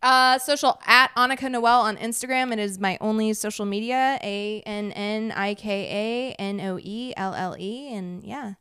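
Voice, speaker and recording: A woman's voice: mid-range voice, moderate pace, hardly any pauses, sharp tone, clean tone, no echo, studio quality. A woman actress chatting as a podcast guest, chatty and self-deprecating. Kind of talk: casual interview chat.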